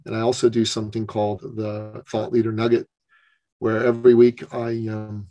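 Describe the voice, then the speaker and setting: A man's voice: lowish voice, normal speed, muffled recording. A man, a business coach, telling a personal story as a podcast guest. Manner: gravelly, animated storyteller. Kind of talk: storytelling in an interview.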